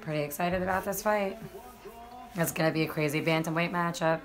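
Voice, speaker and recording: A woman's voice: low voice, fairly quick, music in the background. A young woman, chatting casually and cursing as she talks to viewers on a live stream. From New York.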